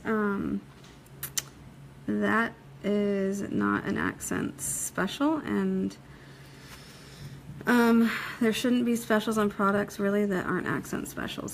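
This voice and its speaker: A woman giving a casual live nail-art tutorial, chatty and quick to laugh, often checking in with "okay?" as she works. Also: mid-range voice, a little hiss or hum, poor audio. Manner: chatty, laughs easily, reads viewer comments aloud. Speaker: nail technician teaching a live demo.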